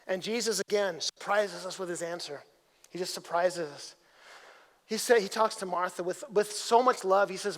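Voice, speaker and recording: A man's voice: high voice, moderate pace, a bit bright. A man preaching a sermon as pastor in a church, speaking conversationally, repeating his words and building to emphatic peaks. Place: church sanctuary. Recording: long hall reverb.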